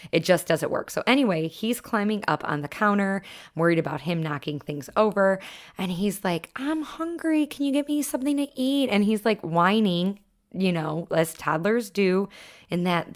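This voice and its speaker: Chatty woman podcaster, lowish voice. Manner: conversational, many filler "like"s, self-reflective. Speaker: podcast host. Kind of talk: casual storytelling monologue.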